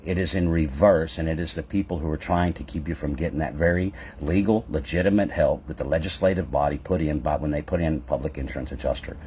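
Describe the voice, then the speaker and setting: A man with a very low voice speaks with fervent conviction, pressing his points through repeated rhetorical questions. Faint background noise sits under his direct-to-camera address. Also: fast, hardly any pauses, a little mellow. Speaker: public adjuster business owner.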